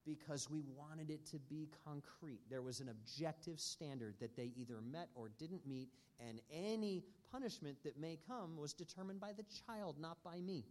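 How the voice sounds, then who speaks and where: A man teaching a church parenting class in an earnest, measured way with frequent pauses. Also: fairly high pitch, a little mellow.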